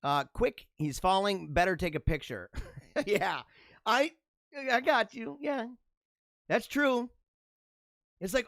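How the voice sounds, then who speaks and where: A man's voice: high voice, big pitch swings, takes it slowly, gravelly, long pauses, a bit bright, dry recording, studio quality. A man in his forties hosting a casual solo show, reacting to memes with jokey, chuckling asides. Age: 40s. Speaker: podcast host.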